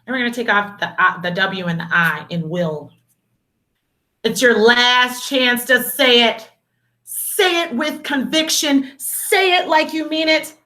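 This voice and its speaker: A woman teaching a video lesson to young children, speaking in a slow, encouraging, sing-song way and calling them her dears and superstars. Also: on the high side, pushed and bright. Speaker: kindergarten teacher.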